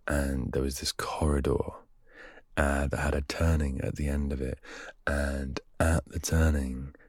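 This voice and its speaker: A young man with a very low, husky voice chats on his own podcast, wandering into self-mocking asides as he reads. The sound is dry and close, with no room around it. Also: darkish tone, no room sound. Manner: rambling, self-mocking asides while reading aloud. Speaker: podcast host. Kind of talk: casual solo podcast chat.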